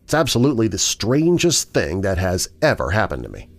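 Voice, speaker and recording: A man hosting a show and narrating listener horror stories in a measured storytelling manner. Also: lowish voice, wildly swooping pitch. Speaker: host and narrator. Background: faint music.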